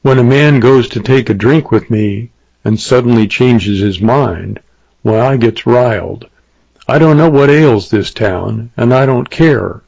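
A cold, threatening cowboy gunman, as a male reader puts him on, drawling his words slowly and deliberately. The storybook recording is dry and dull, like a lo-fi file. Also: medium pitch, creaky, darkish tone, no room sound. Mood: menacing.

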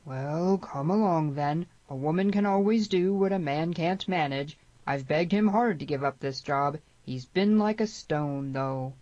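A woman's voice: sits low, unhurried, few pauses, mellow, no room sound. A woman narrator voicing a folksy frontier man who grumbles and bends his grammar. He sounds rustic and put-upon. The audiobook sound is dry and a little dull. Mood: gruff.

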